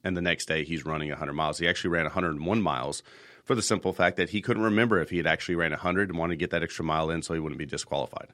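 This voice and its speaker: A man's voice: low-pitched, rapid-fire, a bit bright, no echo, clean studio sound. A man in his thirties hosting a casual podcast, telling rambling stories and repeating words as he goes. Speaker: podcast host.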